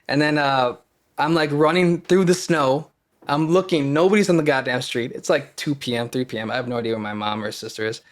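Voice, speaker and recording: A young man from Wisconsin speaks as a podcast guest, at a middling pitch for a man. His talk is candid and rambling, full of restarts. He acts out scenes from his own past in quoted lines. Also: a little fast. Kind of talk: casual storytelling conversation.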